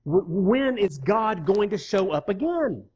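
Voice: mid-range voice, very animated, unhurried, darkish tone, slightly rough. A preacher giving a sermon, emphatic and conversational, repeating key words for weight and reading scripture aloud. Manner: reads scripture aloud and acts out the characters' lines; conversational asides to the congregation.

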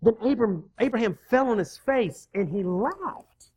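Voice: medium pitch, expressive, a little slow, darkish tone, breathy edge. A preacher giving a sermon, emphatic and conversational, repeating key words for weight and reading scripture aloud. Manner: reads scripture aloud and acts out the characters' lines; conversational asides to the congregation.

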